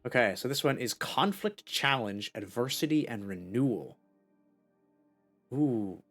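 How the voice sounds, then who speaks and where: A streamer giving casual let's-play commentary, chatty and thinking out loud with many restarts. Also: medium pitch, lively intonation, unhurried, soft background music.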